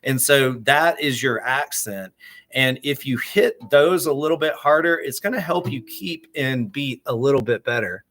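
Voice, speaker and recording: A man teaching guitar in a casual, halting way, often repeating words as he explains and counting beats aloud. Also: mid-range voice, a bit bright.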